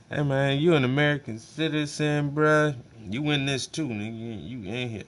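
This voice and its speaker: A man's voice: medium pitch, measured pace. A man hosting a livestream, reacting to a speech in loose, slangy, profane talk that often repeats itself. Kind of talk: casual livestream commentary.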